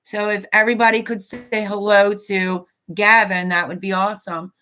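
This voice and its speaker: A woman's voice: mid-range voice, flat delivery, moderate pace, hardly any pauses, bright, forceful tone, clear, resonant tone. A woman in her fifties hosting a casual live stream, chatting in a rambling way and reading viewer comments aloud.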